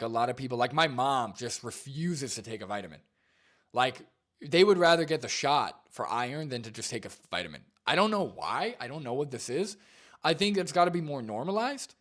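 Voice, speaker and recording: A man's voice: medium pitch, fairly bright tone. A young man hosting a live stream, reacting to a video and answering chat in a laid-back, rambling way full of fillers. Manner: laid-back, filler-heavy, says "like" and "dude" a lot.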